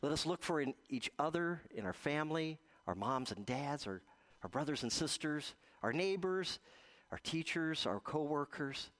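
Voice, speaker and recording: Gentle man preaching a sermon. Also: fairly high pitch, expressive. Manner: gentle storytelling with slow pauses. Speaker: pastor.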